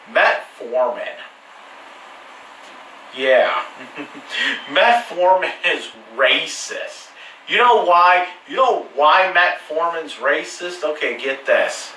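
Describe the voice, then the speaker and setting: Man, casual profane monologue, bright tone, roomy echo with faint background noise. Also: on the high side. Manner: crude, profane and joking, with many restarts. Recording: echoey room, mic far off.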